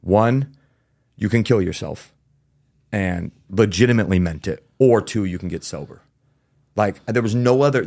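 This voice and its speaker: A man's voice: low voice, dry recording, clean studio sound. A man as a podcast guest, telling his story candidly and casually, with plenty of fillers and the odd swear word.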